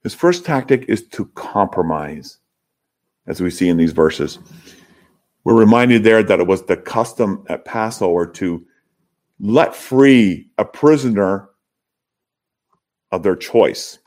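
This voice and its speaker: A man's voice: on the low side, expressive, slow pace, pauses often, a little mellow. A man preaching a sermon as pastor, earnest and emphatic, lifting his voice when he acts out the crowds. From Canada.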